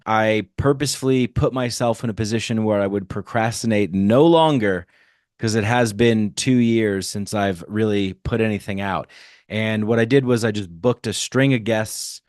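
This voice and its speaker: A man's voice: on the low side, dry recording. A man hosting his own podcast, introducing the episode in a jokey, self-deprecating, rambling way on a close microphone. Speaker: podcast host. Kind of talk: casual solo podcast intro.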